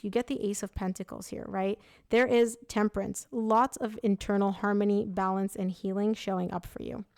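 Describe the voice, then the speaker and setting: A young woman giving a casual tarot reading, talking frankly and loosely with lots of "like" and quick self-corrections. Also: medium pitch, gravelly, a little mellow, dry recording, studio quality. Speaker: tarot reader.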